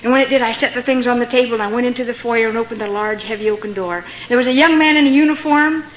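Brief: older woman missionary, animated humorous storyteller, fairly high voice, dull tape with faint hiss. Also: fast. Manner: lively, dramatic storytelling with humor. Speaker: missionary speaker. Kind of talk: storytelling testimony to a women's gathering.

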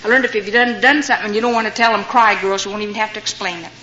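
A woman's voice: medium pitch, fairly even intonation, rapid-fire. An older woman giving a personal testimony to an audience, telling stories and acting out the voices of the people in them. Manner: storytelling, acting out quoted voices. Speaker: speaker giving her testimony. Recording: dull lo-fi recording with faint noise.

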